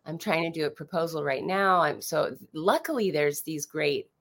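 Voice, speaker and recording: A woman's voice: low voice, moderate pace, fairly bright tone. A woman in her fifties, a podcast guest chatting casually, rambling with restarts and saying "like" a lot like a Valley Girl. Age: 50s. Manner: says "like" often, talks like a Valley Girl. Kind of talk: casual chat.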